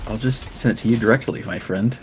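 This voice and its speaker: A man's voice: fairly low pitch, fast talker. A man in his late twenties, a streamer chatting casually, rambling and swearing as he talks. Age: late 20s. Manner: rambling, profane, laughing. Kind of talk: casual chat. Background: music.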